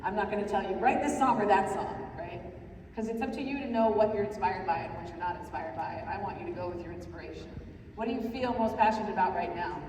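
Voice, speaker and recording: A woman's voice: on the low side, fast, noisy background. A woman leading a songwriting workshop, explaining step by step, checking in with "right?" and now and then singing a short example line. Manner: sings short example phrases. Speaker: songwriting teacher. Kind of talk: workshop lecture. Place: classroom. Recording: echoey room from a distance.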